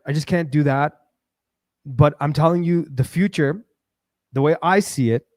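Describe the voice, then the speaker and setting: Animated rambling man on a livestream. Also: a little high, no echo, studio quality. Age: adult with a daughter. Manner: animated, rambling, many fillers and restarts. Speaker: livestream host. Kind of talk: casual livestream monologue.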